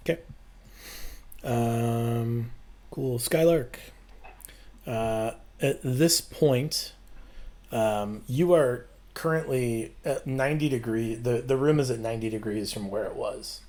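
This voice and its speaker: A man narrating and ruling as game master, explaining calmly with fillers. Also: mid-range voice. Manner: unhurried, explains rules with fillers.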